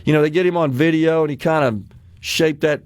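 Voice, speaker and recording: A man talking on a radio talk show with a fairly high voice, chatty and animated, often breaking into a laugh. The sound is close and dry, as from a studio microphone. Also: a little fast, dry recording.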